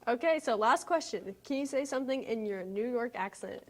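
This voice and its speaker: Teen girl, higher voice, upbeat school news host reading announcements. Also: lively intonation, a little fast. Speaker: student news host and interviewer.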